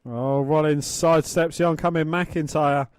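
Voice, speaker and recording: A man's voice: fairly high pitch, fairly even intonation, moderate pace, a little mellow. A man co-hosting a podcast, commentating on wrestling with sarcastic, grumbling banter and swearing, close to the mic. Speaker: podcast co-host. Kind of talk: casual wrestling watch-along commentary.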